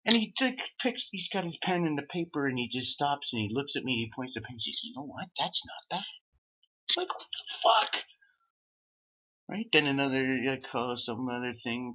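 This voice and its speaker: A lower-pitched man from Canada talks in a long rambling, profane monologue and slips into the voices of the people he quotes. His voice is husky but bright and pushing. The audio is dull and lo-fi. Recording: dull lo-fi sound.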